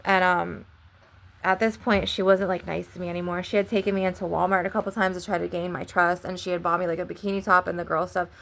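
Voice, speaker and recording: Rambling young woman with a lowish voice. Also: level tone, quick pace, creaky, a bit bright. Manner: rambling, heavy use of "like", frequent swearing. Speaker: vlogger. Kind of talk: casual storytelling.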